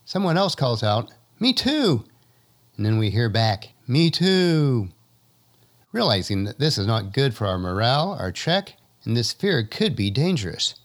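A man hosting his own podcast, reading inspirational narration in an earnest, measured way from a home studio. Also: lowish voice, very animated. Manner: earnest, measured, motivational delivery. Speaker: podcast host.

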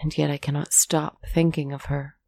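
A desperate, lovesick young prince from a storybook pleads in hushed, earnest tones, as a woman narrator puts him on. The voice is low, gravelly and dark, heard close in a dry space. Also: flat delivery, moderate pace, dry recording. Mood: pleading.

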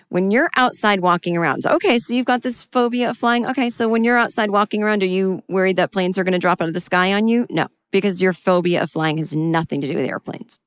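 A woman's voice: fairly low pitch, brisk, few pauses, no room sound. A woman talking alone into a microphone, giving candid, self-deprecating advice in a chatty, casual way. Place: alone, recording at home.

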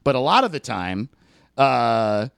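A young man on a podcast, swearing freely and animated as he tells a story. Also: mid-range voice, a little slow, gravelly, clean tone, dry recording, clean studio sound. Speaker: podcast co-host. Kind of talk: casual chat.

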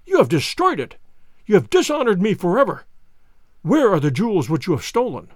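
A man's voice: sits high, huge pitch swings, brisk, dry recording, clean studio sound, heavily acted. A man doing a furious old father. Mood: enraged. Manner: outraged, shouting accusations.

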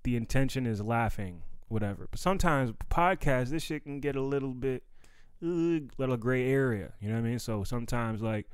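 A young man, a stand-up comedian and podcast host getting over bronchitis, chats loosely on his solo podcast. His medium-pitched voice is lively and a little fast, with a clean, echo-free tone. He talks in loose, slangy street speech full of fillers and "you know what I mean."

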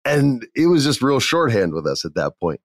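A man casually telling a backstage story, animated and acting out the people he quotes. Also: mid-range voice, moderate pace, breathy edge, no echo, studio quality. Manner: animated, acts out quoted voices. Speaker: podcast guest telling stories.

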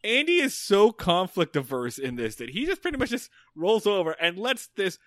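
A man's voice: high-pitched, big pitch swings, moderate pace, a bit bright, dry recording, studio quality. A man co-hosting a casual podcast, recapping a TV episode in a jokey way and quoting the characters in voices. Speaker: podcast co-host.

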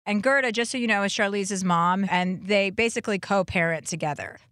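A woman hosting a casual podcast chat, teasing and quick to laugh. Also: medium pitch, a bit bright, no echo, studio quality. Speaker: podcast host.

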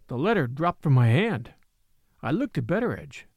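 A man narrating a classic novel in the first person, expressive and wry. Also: on the high side, moderate pace, husky, no echo, studio quality. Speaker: audiobook narrator. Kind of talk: scripted narration.

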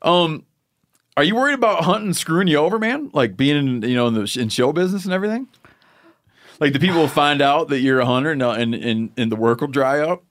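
A man hosting a podcast, asking curious questions in a relaxed, casual way. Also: on the high side, quick pace, dry recording, clean studio sound. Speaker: podcast host.

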